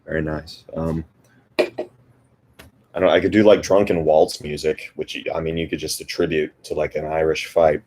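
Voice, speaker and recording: A man's voice: extremely low pitch, little pitch movement, moderate pace, darkish tone, slightly rough. A man hosting a guitar live stream, chatting casually between songs in a rambling, self-deprecating way with lots of fillers. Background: guitar playing.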